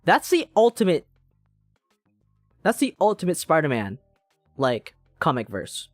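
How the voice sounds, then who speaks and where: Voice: medium pitch, wildly swooping pitch, measured pace, no echo, soft background music. A streamer in casual game-stream chat, rambling, swearing and cutting themselves off mid-thought. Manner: rambling, profane, self-interrupting.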